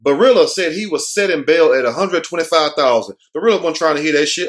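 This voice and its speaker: A man's voice: on the high side, fast talker. A man hosting a casual commentary vlog, talking in slang and acting out quoted people in put-on voices. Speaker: host.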